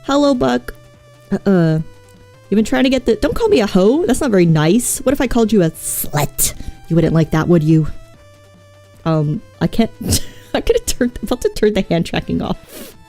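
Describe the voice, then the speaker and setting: Woman, VTuber streamer, scratchy voice, warm mellow tone, casual rambling chat, profane, self-mocking. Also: medium pitch, sing-song, normal speed, soft background music.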